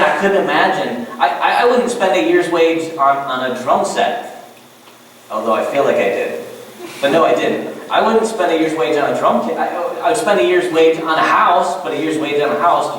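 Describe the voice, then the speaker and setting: Animated male pastor in an echoey church. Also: on the high side, normal speed, slight background noise. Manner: animated, joking asides. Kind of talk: sermon. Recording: echoey church room from far off.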